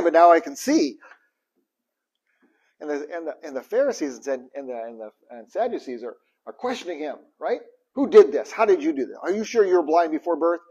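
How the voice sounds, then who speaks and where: A man giving a conversational sermon, animated and asking his listeners questions. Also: mid-range voice, slightly rough, highs cut off. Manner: animated, asks the audience questions. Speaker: preacher.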